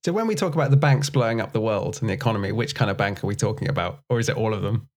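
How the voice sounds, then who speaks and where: Wry man with a lively, bouncing pitch. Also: very fast. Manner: wry, asks leading questions, dry jokes. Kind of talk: conversational finance chat.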